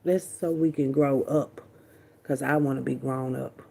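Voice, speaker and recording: Woman vlogger, husky and breathy, casual storyteller who talks straight to camera, blunt and salty, repeats for emphasis. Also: rumbling low, fairly even intonation, measured pace, mellow. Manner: blunt, profane, chatty, repeats herself. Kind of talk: candid casual storytelling to viewers.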